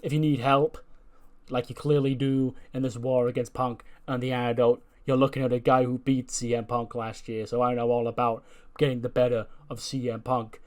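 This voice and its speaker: A mocking male wrestler heel, put on by a man narrating a game. He heaps sarcastic praise on his rival in an ordinary middle-pitched voice. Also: fairly even intonation, moderate pace, long pauses, dark tone, natural voice.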